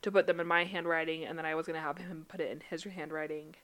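Young woman co-host, somewhat low voice, bubbly storyteller who laughs easily. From Utah. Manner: animated storyteller, laughs often, quick bursts of rising pitch. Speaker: podcast co-host. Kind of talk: casual chat.

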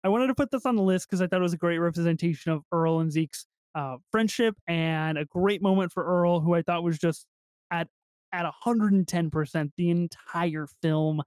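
This is a man co-hosting a film podcast, and the talk is a casual film review chat, animated and full of swearing and laughter. His voice is a little high and a little mellow, clear and resonant, at normal speed, recorded in clean studio sound with no room sound.

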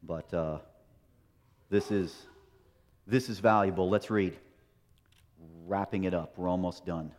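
A man's voice: sits low, steady tone, unhurried, long pauses, a little mellow. A middle-aged American man preaching a sermon, tossing rhetorical questions and "right?" at his listeners. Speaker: pastor. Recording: long hall reverb.

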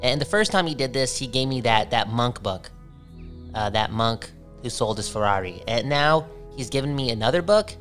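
A man chatting on a phone call, animated and emphatic, tagging his sentences with "okay?". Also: medium pitch, moderate pace, soft background music. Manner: animated, repeats "okay?" a lot. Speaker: caller. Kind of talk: casual phone chat.

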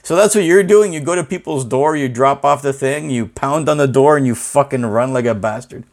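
A man hosting a casual comedic interview, teasing and deadpan, swearing freely. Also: fairly high pitch, brisk. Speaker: host.

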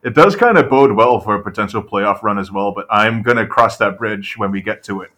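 A man talking through a casual sports podcast, his voice a touch low and forceful with a bright edge. He keeps checking in with "right?" and leans on fillers as he builds a point. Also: a little fast. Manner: animated, full of "right?" tag questions and fillers. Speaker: podcast co-host.

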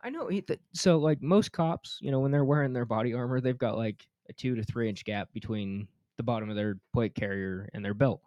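A man's voice: medium pitch, brisk, hardly any pauses, a little mellow, no echo, clean studio sound. Crude, swearing man telling stories. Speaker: podcast co-host. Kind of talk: casual storytelling chat.

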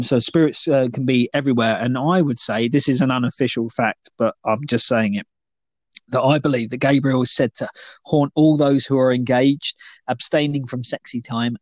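A male podcast co-host chats casually, rambling playfully and leaning on lots of fillers. His voice sits in a middle pitch, and the recording is dry. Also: steady tone, normal speed, no room sound. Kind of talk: casual chat.

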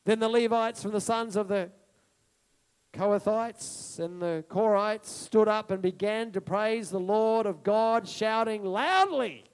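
A man preaching a sermon, moving between quiet reflection and loud, repeated declarations. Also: high-pitched, steady tone, a little slow, smooth. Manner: impassioned, swinging from soft to loud declarations; repeats phrases for emphasis.

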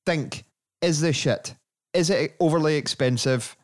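A man hosting a casual football podcast, chatty and quick to laugh. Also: fairly high pitch. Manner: chatty, laughing, animated asides. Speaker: podcast host.

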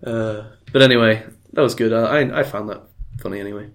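A man hosting a casual film review podcast, relaxed, swearing freely as he leads the talk. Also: on the low side, brisk. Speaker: podcast host.

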